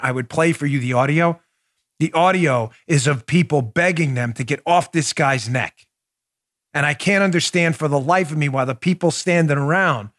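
A man's voice: a little high, fairly bright tone, no room sound, studio quality. A man hosting a political commentary podcast, speaking with impassioned indignation and frequent stumbling restarts. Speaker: podcast host.

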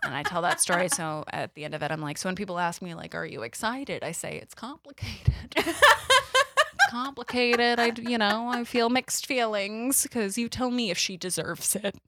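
A young woman telling a funny story in casual podcast chat, animated, with lots of fillers and frequent laughter. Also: medium pitch, brisk, slight background noise. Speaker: podcast guest.

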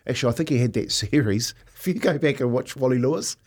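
A man's voice: mid-range voice, fast. A middle-aged man, a former player, co-hosting a casual sports radio chat and telling stories with lots of restarts. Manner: rambling, animated storytelling with restarts.

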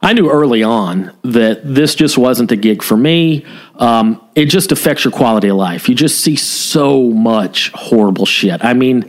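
A man's voice: medium pitch, animated, unhurried. Profane, candid man telling a story. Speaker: podcast co-host, former police officer. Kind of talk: casual storytelling podcast chat.

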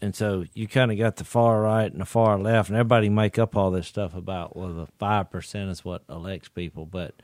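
A middle-aged man, telling a story in a folksy, animated way during casual chat. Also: lowish voice, brisk, few pauses, no echo, studio quality. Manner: folksy, animated, laughs through his stories. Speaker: podcast co-host.

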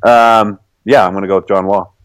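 Young guy cohosting a podcast, lowish voice, dry close mic, laid back with lots of ums. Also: a little fast, no room sound, poor audio. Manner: relaxed, laughs often, hesitant fillers. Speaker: podcast co-host. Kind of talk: casual podcast chat.

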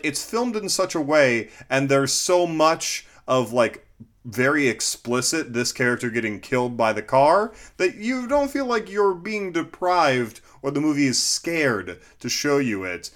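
Animated man breaking down a movie. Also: a little high, a little slow. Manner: animated, laughs easily, analytical. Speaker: podcast co-host. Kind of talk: casual movie review chat.

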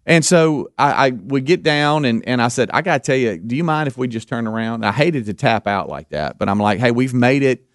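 A man hosting a live radio show, telling a story in an animated way, repeating words and acting out what people said. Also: mid-range voice, a little fast, few pauses, no room sound, studio quality. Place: radio studio.

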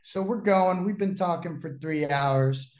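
Man telling a story, animated and laughing. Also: on the high side, a little slow. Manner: animated, laughs often, many fillers. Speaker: guest storyteller. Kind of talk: casual conversational storytelling.

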